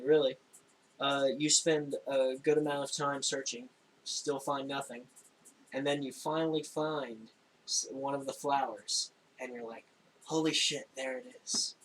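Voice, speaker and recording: A young man narrating a tabletop game as game master, in a casual, halting way with frequent laughs. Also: mid-range voice, slight background noise, rough recording. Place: home room, recorded for a stream.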